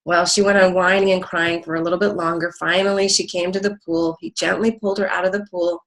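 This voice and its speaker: A woman's voice: on the low side, level tone, fast talker, poor audio. A middle-aged woman teaching about parenting through a story, earnest, with frequent ums and restarts. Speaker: parenting educator. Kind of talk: teaching talk with an anecdote.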